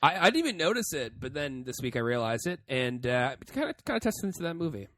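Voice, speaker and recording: A man's voice: mid-range voice, very animated, fast talker, a bit bright, dry recording. A young man co-hosting a podcast in casual chat, with wry, playful banter. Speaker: podcast co-host.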